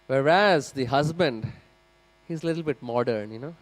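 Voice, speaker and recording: In a temple hall, a man leads a scripture class, telling a story with lively energy and addressing his listeners directly. His voice is medium in pitch and his speed is normal, and he acts out the characters as he delivers this sermon-style storytelling.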